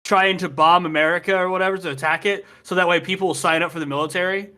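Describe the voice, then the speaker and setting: A man's voice: high-pitched, fairly even intonation, fast, sharp tone, clean tone. A Texan man co-hosting a podcast, rambling in casual chat with lots of fillers and swearing. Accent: Texan, mostly hidden. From Texas. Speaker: podcast co-host. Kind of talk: rowdy casual chat among friends.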